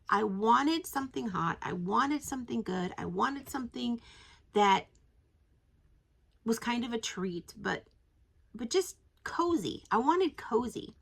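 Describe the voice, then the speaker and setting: A woman's voice: on the high side, creaky, husky. A woman hosting a devotional podcast, reading scripture aloud and then reflecting casually, thinking aloud with frequent restarts and self-corrections.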